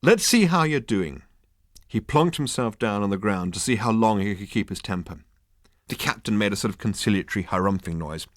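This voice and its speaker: A British man narrating an audiobook in a dry, lively comic manner. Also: lowish voice, fairly quick, no room sound. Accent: British English. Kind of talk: audiobook reading.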